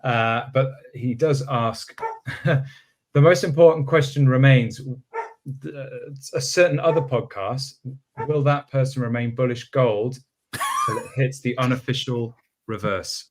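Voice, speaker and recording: A man with an ordinary mid-pitched voice reads listener questions aloud on a podcast. He pauses and trips over unfamiliar names. His delivery stays easygoing and plain. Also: wildly swooping pitch. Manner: halting, stumbles over names. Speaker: producer reading listener questions.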